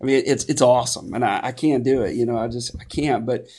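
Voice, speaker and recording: A pastor giving a conversational sermon, with frequent restarts and fillers. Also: male voice, medium pitch, brisk, dark tone.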